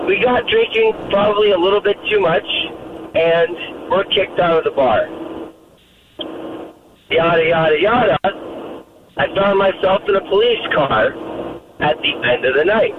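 A man's voice: high-pitched, distant mic. A man calling in to a talk show, telling a rambling story and acting out the voices in it. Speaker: caller. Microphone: phone. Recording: tinny phone line with static.

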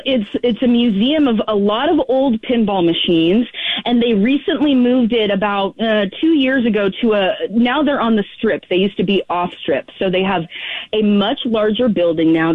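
A woman co-hosting a radio show, telling a story as an animated, chatty storyteller over a phone call. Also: medium pitch, normal speed, dry recording. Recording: tinny phone line.

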